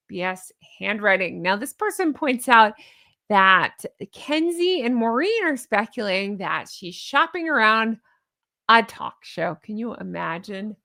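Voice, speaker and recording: Chatty sarcastic woman, gravelly voice. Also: fairly high pitch, big pitch swings, moderate pace, bright, forceful tone, no echo, studio quality. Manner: chatty, sarcastic, laughs at own jokes. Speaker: YouTube commentary host. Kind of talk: casual reaction commentary.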